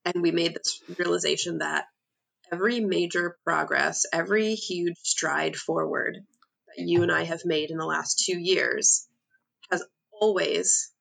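A woman co-host in casual podcast chat, reassuring and reflective. Her voice sits low with a gravelly fry and a sharp, bright edge. The sound comes over a remote call. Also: fairly even intonation. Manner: reassuring, reflective, quick to laugh.

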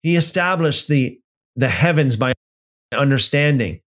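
A man's voice: medium pitch, animated, fairly bright tone. A man leading an evening Bible study, reading scripture aloud and adding conversational comments with frequent restarts. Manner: slow, deliberate reading with conversational asides and restarts.

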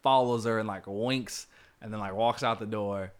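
A man's voice: fairly low pitch, steady tone, moderate pace, clean tone. A man hosting a podcast, casually retelling a movie scene by scene with lots of fillers and quoted lines. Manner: rambling, filler-heavy retelling with acted quotes. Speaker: podcast host.

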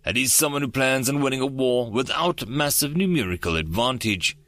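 A man's voice: mid-range voice, animated, moderate pace, fairly bright tone, no room sound, close to an everyday voice. A man voicing a frustrated, analytical young female alien officer who grumbles with tightly held anger.

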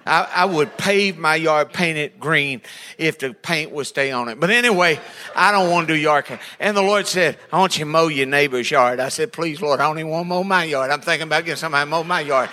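A male pastor tells a sermon story in a folksy, joking way. His voice is bright and forceful, and he jumps into quick impressions of the people he describes. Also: fairly high pitch. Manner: folksy and humorous, acts out voices in his stories.

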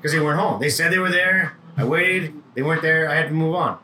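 Animated swearing storyteller, high voice. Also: male voice, quick pace, slight background noise. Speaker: podcast co-host telling a work story. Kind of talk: casual chat. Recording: roomy sound with music behind.

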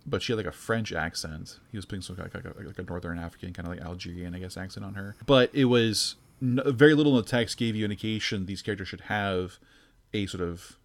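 Man, very low voice, casual book chat, thoughtful, feels his way through sentences. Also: fast talker, vocal fry. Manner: thoughtful, searching for words. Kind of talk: casual discussion.

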